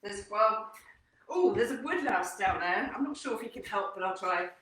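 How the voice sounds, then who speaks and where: A young woman leading a children's workout, telling a story with upbeat, animated encouragement. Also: medium pitch, normal speed. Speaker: kids' fitness instructor. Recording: echoey room, distant mic.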